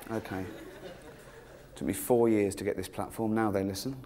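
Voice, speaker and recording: An English man doing a stand-up comedy routine, mock-earnest and halting with ums, then breaking into giddy excitement. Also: lowish voice, heavy background noise. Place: live comedy stage.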